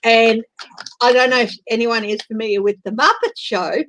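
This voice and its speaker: A woman hosting a casual chat, talking in an animated, chatty way. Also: a little high, moderate pace, no room sound, low-quality recording. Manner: animated, chatty, breaks into voices and laughter. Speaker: host.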